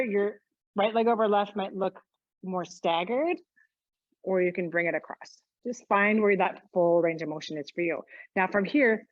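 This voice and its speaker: A woman's voice: mid-range voice, no echo, lo-fi sound. A woman teaching a yoga class, cueing each move with chatty, joking asides. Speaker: yoga instructor. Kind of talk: guided exercise class instruction.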